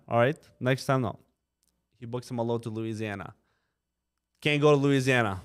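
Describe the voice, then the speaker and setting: A man's voice: medium pitch, normal speed, pauses often. A man, a trucking company co-owner, telling stories in casual podcast talk, acting out quotes and often saying "you know". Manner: animated anecdote-telling, acts out quoted drivers, frequent "you know". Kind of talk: casual storytelling. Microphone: podcast microphone.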